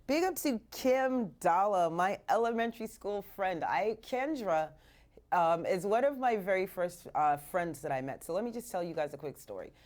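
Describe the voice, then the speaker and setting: A woman's voice: mid-range voice, animated, normal speed, a little mellow. A woman from Canada hosting a live radio show, talking casually and animatedly, slipping in Jamaican patois phrases, from a radio studio.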